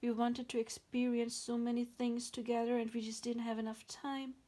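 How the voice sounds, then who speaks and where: A woman voicing the spirit of a departed spouse, speaking softly, tenderly and consolingly in a channeled message. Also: on the high side, little pitch movement, normal speed, natural voice.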